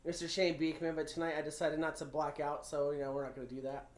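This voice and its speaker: A man's voice: a little high, steady tone, fast. Laid-back man chatting in a roomy space. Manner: laid-back, swears, laughs often. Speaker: podcast co-host. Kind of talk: casual chat.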